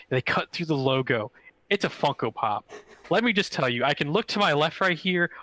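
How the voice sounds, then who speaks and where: A man co-hosting a gaming podcast in casual chat, excitable and rambling with lots of filler words. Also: fairly high pitch, brisk, no room sound, poor audio. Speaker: podcast co-host.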